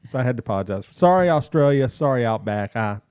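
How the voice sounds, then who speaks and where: A man's voice: medium pitch, fast, slight background noise. A man hosting a casual podcast chat, joking around and laughing often. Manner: laughs often, animated and jokey. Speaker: podcast host.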